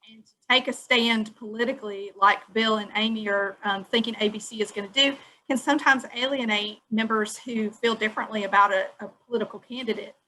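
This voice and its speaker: A woman's voice: a little high, fairly even intonation, a little fast, pushed and bright, slight background noise, low-quality recording. A woman on a webinar earnestly explaining her view at length. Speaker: webinar participant. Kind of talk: giving an opinion in a video call.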